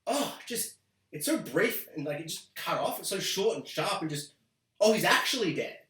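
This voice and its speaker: Brief: young man, sarcastic rant host, high voice, echoey room. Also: normal speed. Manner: sarcastic, animated, mocking quoted voices. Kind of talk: ranting video review.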